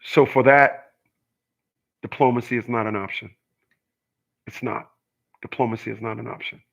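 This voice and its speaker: Solo male host, middle pitch, emphatic monologue that hammers each point twice. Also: fairly even intonation, moderate pace, gravelly, muffled recording. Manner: emphatic, repeats his points. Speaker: channel host.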